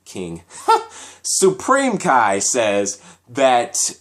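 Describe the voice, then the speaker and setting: Man, anime reviewer, casual solo talk, animated, repeats himself, mid-pitched voice. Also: very slow. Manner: animated, repetitive, thinking aloud.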